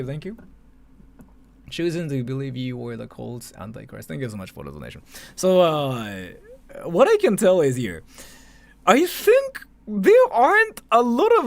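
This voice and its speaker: A man in his thirties from Japan with a Japanese accent, chatting casually on a livestream, animated, laughing often and swearing between filler words. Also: fairly high pitch. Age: 30s.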